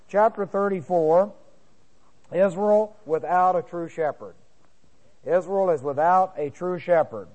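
A man's voice: a little high, darkish tone, rough recording. A man as pastor teaching a sermon verse by verse, reading scripture aloud and breaking in with comments, with many fillers and restarts.

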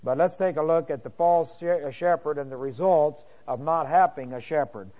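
A man's voice: fairly high pitch, normal speed, mellow, highs cut off. A man as pastor teaching a sermon verse by verse, reading scripture aloud and breaking in with comments, with many fillers and restarts.

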